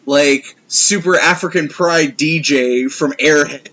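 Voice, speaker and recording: A man's voice: a little high, takes it slowly, fairly bright tone. A man co-hosting a podcast, casually trashing a movie in a profane, rambling, sarcastic way. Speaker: podcast co-host. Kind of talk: casual movie review chat.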